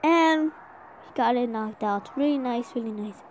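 A woman giving excited live gameplay commentary while she has a sore throat from an oncoming cold. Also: on the high side, a little slow, slight background noise. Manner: excitable, urging the game on aloud. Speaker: gamer.

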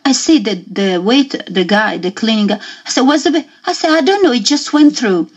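A woman telling a personal story in a radio interview, talking haltingly and with feeling, often acting out what people said. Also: on the high side, lively intonation, breathy edge. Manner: halting and emotional, acts out quoted dialogue. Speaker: interview guest. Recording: muffled lo-fi radio audio.

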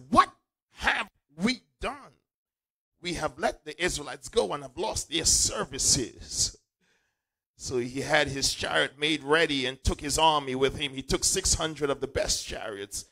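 A man's voice: mid-range voice, a bit bright, rough recording. A male preacher delivering a sermon in church, repeating key lines and calling on the congregation to say them back. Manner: call-and-response preaching, repeating lines for emphasis.

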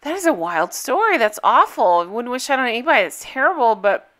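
A woman's voice: fairly high pitch, very animated, fairly quick, fairly bright tone. A woman chatting casually as she recaps a reality TV episode, gossipy and full of fillers.

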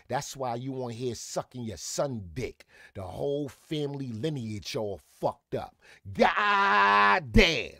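Gravelly, swearing male reaction commentator. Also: fairly low pitch, no echo, studio quality. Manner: loud swearing rants with frequent laughing. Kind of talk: profane comedic reaction commentary.

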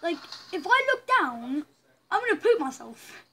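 A young woman chatting through a story game, reacting loudly and with dismay to what happens on screen. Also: very high-pitched, big pitch swings, a little slow, slight background noise. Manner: chatty and reactive, frequent loud dismayed outbursts. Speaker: gamer playing a story game. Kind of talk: let's play commentary.

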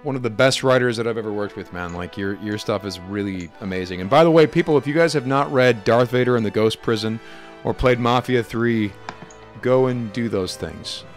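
A man's voice: mid-range voice, fairly quick, faint music behind. A man hosting a live stream, chatting casually and acting out lines from the game as he talks. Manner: animated, acts out lines from the game. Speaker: stream host. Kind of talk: casual chat.

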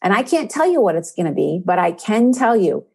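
A woman's voice: medium pitch, big pitch swings, a little fast, gravelly, darkish tone, slightly rough. Female spiritual coach hosting a podcast, encouraging, leans on key words. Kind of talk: inspirational podcast talk.

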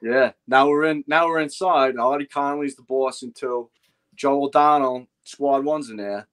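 An older man with a New York accent telling animated, profane stories of his firefighting days, acting out what others said. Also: medium pitch, normal speed. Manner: profane, animated anecdotes with acted-out quotes. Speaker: guest, retired fire lieutenant. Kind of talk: casual storytelling chat.

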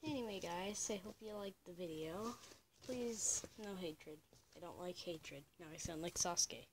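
A young teenage girl rambling in a casual home vlog, drifting into soft whispered asides and cooing high at her pet. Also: measured pace, very noisy. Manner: high coo when talking to her pet. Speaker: vlogger. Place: home room.

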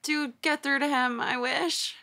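A young woman reacting to an anime episode, expressive and exasperated, with frequent gasps and groans. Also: sits high, unhurried. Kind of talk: live reaction commentary.

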